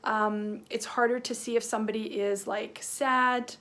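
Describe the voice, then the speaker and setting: A woman's voice: on the high side, a little slow. A woman teacher giving an online lesson to young children, acting out faces and sounds, with many "right?" and "um" fillers. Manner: animated, acts out facial expressions with sounds.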